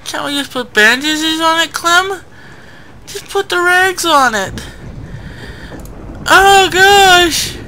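A high, bright-voiced woman commentating her gameplay at an unhurried pace. She speaks through clenched teeth and pleads with the game, squeamish at every gory moment. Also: animated, a little hiss or hum. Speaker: let's play gamer.

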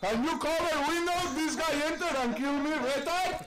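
A man in game voice chat, taunting teammates in broken English and yelling insults. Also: extremely high pitch, normal speed, echoey room. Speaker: online game troll.

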